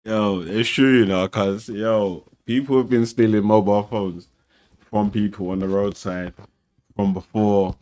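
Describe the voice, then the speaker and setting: A man's voice: steady tone, a little slow, darkish tone. A man, laughing and talking in street slang as he reacts to clips on a stream. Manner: slangy, laughing, mocks others in a high voice. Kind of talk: casual reaction commentary.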